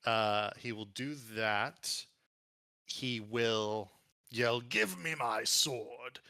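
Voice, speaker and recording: A man's voice: fairly low pitch, creaky, pushed and bright, smooth, no echo. A man running a tabletop game as game master, thinking aloud in a casual, hesitant way.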